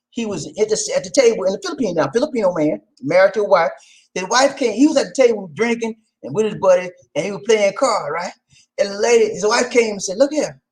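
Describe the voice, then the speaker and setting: A man hosting a casual advice talk, animated and preachy, with slang and loud laughs at his own jokes. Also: high-pitched, low-quality recording. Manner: slangy, repeats "man" and "okay". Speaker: vlog host.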